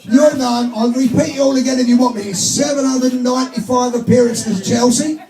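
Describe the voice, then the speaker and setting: A man's voice: very high voice, fairly even intonation, fairly quick, warm tone. A man compering an evening dinner, doing a crude stand-up routine full of swearing and laughing at his own gags. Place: function room at an evening dinner. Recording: echoey function room with music and crowd.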